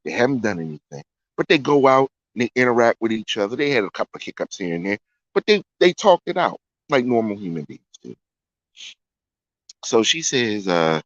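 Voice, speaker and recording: A man's voice: lowish voice, very animated, a little fast, dry recording. A man telling a story in a casual way, often repeating lines for effect. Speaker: storyteller host. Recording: dry, dull lo-fi sound.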